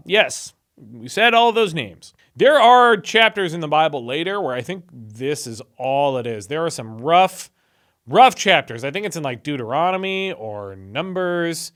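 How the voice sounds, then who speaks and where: Animated sarcastic man reading scripture. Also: a little high, unhurried. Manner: sarcastic, animated asides between read passages. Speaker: YouTuber reading the Bible aloud. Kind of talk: casual reading with commentary.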